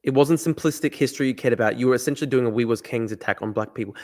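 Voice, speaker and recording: A man streaming a guessing game, thinking aloud, swearing and getting excited. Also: medium pitch, racing. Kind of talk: live-stream commentary while playing a guessing game.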